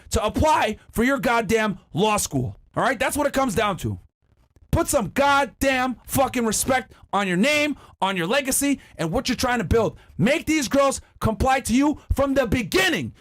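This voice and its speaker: A man with a high voice ranting on a reaction stream. He swings his pitch all over as he pushes his points, loud, emphatic and profane. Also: sing-song, moderate pace. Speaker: podcast co-host.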